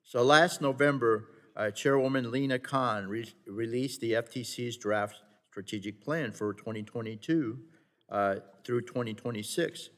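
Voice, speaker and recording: A man's voice: mid-range voice, a little slow, a bit bright. A man speaking as a member of a committee markup, delivering a formal floor statement with earnest, insistent repetition and occasional stumbles. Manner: earnest, insistent, with repeated phrases and some stumbles. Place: large committee hearing room. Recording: long reverb from a hearing room.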